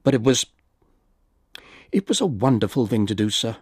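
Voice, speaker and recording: Polite loyal aide guy, as a husky reader does him, dry sound. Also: mid-range voice, sing-song, normal speed, dry recording.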